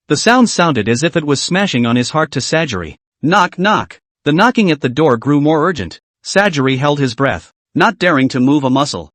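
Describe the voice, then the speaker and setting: A man's voice: on the high side, fairly bright tone, no echo. A man giving a scripted, storytelling narration of a fantasy novel.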